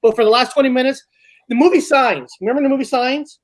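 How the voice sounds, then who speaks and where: A woman hosts a casual podcast chat with firm, repeated emphasis. Her voice sits a little high. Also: fast. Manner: emphatic, opinionated, repetitive. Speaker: podcast host.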